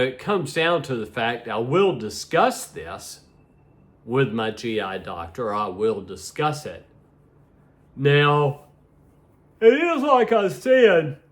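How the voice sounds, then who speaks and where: Sleepy middle-aged male vlogger, rambling, slow talker with a lively, swooping pitch. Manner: rambling, repeats "like I said". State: sleepy, yawning. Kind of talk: casual vlog talk to viewers.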